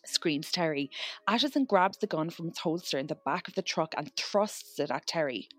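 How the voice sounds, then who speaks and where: A woman's voice: sits low, expressive, normal speed, no room sound. Woman telling a spooky tale. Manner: dramatic narration, swears freely. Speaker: podcast co-host. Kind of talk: true-crime storytelling chat.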